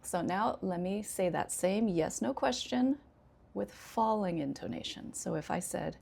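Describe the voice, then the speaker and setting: An American woman, an ESL teacher, explaining intonation in an unhurried way with frequent pauses. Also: medium pitch, creaky, darkish tone, slightly rough. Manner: unhurried, many 'um' pauses, demonstrates intonation examples. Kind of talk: casual instructional talk.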